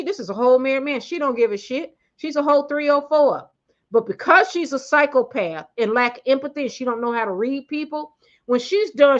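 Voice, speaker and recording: A woman's voice: on the high side, muffled recording. Blunt, slangy woman ranting on a vlog. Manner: blunt, slangy, emphatic, with many restarts. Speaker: commentary vlogger. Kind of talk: casual opinionated commentary.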